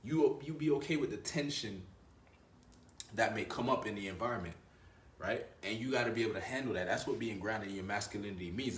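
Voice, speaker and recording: A man's voice: on the low side, a bit bright, a little hiss or hum. Blunt, swaggering man in an echoey room. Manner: swaggering, blunt, profane, full of filler words. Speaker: dating coach. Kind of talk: casual advice monologue.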